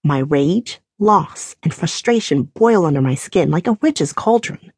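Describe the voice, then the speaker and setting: A woman narrating a first-person romance audiobook with an emotional, animated reading. Her low, breathy voice rises and falls widely in pitch. Close, dry recording with no room sound. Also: measured pace, dry recording.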